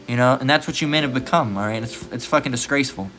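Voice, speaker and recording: A man holds forth in a blunt, profane preaching rant, swearing freely and punctuating nearly every point with a questioning "all right?". His voice sits at an ordinary middle pitch. A faint strain of music runs underneath him. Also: quick pace, bright, forceful tone. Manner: blunt, crude, repeats "all right?" constantly.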